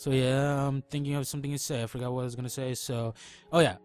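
A young man talks through a survival game in a loose, rambling way, joking and throwing out silly animal noises. His voice sits at an ordinary middle pitch. Faint music plays underneath. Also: level tone, fast, a little mellow, clean tone. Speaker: let's play gamer. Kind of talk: casual gameplay commentary.

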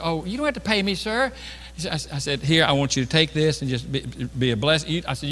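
Recorded in an echoing church hall with faint background noise, a middle-aged male pastor recounts a story at his own expense, talking loosely and restarting often. His voice is medium-pitched and fairly bright.

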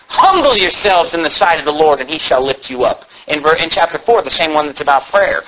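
A man preaching a sermon to his church, swinging from low asides to loud, fervent calls. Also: sing-song, fairly quick, hardly any pauses. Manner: shouts and climbs high when fervent, mocking asides. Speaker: pastor. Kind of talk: fiery sermon. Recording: dull low-fidelity church recording, faint hiss.

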